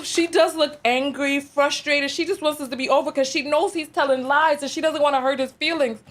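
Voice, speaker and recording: A woman's voice: high voice, fairly even intonation, fairly quick, hardly any pauses. A woman hosting a reaction video, commenting in an exasperated, dramatic way and laughing through it.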